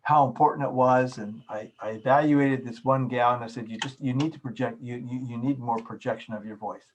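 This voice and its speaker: A man's voice: medium pitch, fairly even intonation, brisk, slight background noise, rough recording. Man teaching public speaking technique. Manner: instructive, demonstrates vocal techniques.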